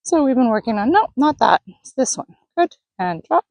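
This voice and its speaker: A woman's voice: on the high side, moderate pace, slight background noise, low-quality recording. Woman coaching a horse on the lunge. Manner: calm coaching, talking to the horse. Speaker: horse trainer. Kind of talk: narrated lunging session. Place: outdoor arena.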